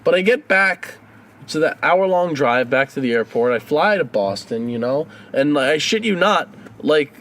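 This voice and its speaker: Animated young man telling a story. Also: on the high side, normal speed, a little hiss or hum. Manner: animated, swears, acts out dialogue. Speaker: podcast co-host. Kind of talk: casual storytelling chat.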